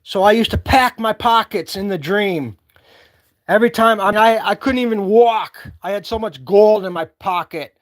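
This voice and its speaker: A man's voice: high voice, normal speed. A man vlogging from a cabin with a woodstove, casually telling a story to the camera in an earnest, rambling way with lots of filler words.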